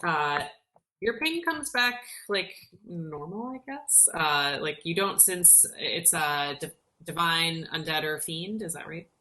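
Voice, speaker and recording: Slow, bright-voiced woman game master. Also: sits low, expressive, a little hiss or hum. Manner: unhurried, descriptive, filler-heavy. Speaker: dungeon master. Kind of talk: narrating a tabletop game.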